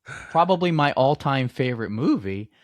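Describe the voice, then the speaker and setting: Animated man joking on a podcast. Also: mid-range voice, moderate pace, dry recording, studio quality. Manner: animated, joking, self-mocking. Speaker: podcast co-host. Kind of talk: casual movie podcast chat.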